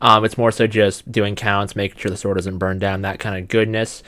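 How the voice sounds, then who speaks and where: A man's voice: lowish voice, level tone, moderate pace, bright, forceful tone. A young man from Canada hosting a casual podcast, chatty with lots of ums. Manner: chatty, many ums and restarts. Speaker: podcast host. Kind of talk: casual chat.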